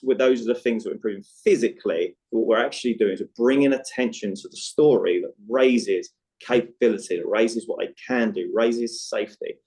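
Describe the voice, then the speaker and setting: A man's voice: on the low side, darkish tone, low-quality recording. A man on a podcast as a guest coach, telling stories animatedly, acting out dialogue and often checking in with "right?". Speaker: guest, movement coach for chronic pain. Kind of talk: conversational podcast storytelling.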